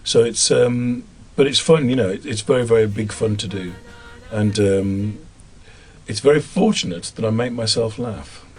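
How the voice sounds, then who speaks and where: A man's voice: lowish voice, moderate pace. A man with a Black Country accent from the English Midlands, a voice actor chatting about his work in an interview and often laughing at himself. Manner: chatty and self-amused, laughs easily. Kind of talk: interview answers.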